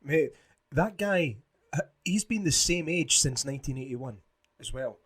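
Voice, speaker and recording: A man co-hosting a casual film podcast, animated and blunt, swearing casually and acting out scenes as he talks. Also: on the high side, measured pace, crowd noise. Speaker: podcast co-host.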